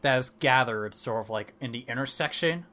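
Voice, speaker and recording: Bright-voiced man running a tabletop game. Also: mid-range voice, normal speed. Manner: rambling, lots of fillers and restarts. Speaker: dungeon master.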